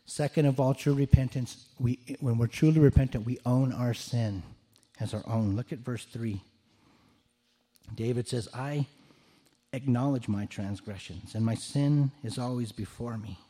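A male pastor preaching a sermon. His voice is mellow and low in brightness, with a medium pitch. He speaks earnestly and often repeats words as he restarts his thoughts. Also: a little slow.

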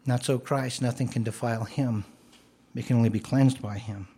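A man with a husky, slightly breathy voice preaches an earnest sermon. He explains scripture plainly, then rises to forceful declarations before easing back to a gentle tone. His pitch sits in a normal middle range. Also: steady tone, moderate pace. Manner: earnest, rises to emphatic commands then drops soft.

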